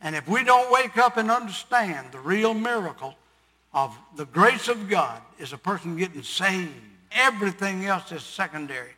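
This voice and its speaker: An older male preacher with a high, bright voice tells his story from the pulpit, swelling into loud, emphatic sermon delivery. His voice rings out with a long reverb in a large hall. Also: animated, moderate pace, slightly rough.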